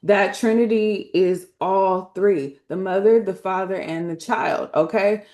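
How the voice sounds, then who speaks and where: A woman's voice: medium pitch, unhurried, darkish tone. A woman teaching spiritual lore through tarot cards in a casual, emphatic way, speaking colloquially and often checking in with her listeners. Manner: colloquial, slangy phrasing.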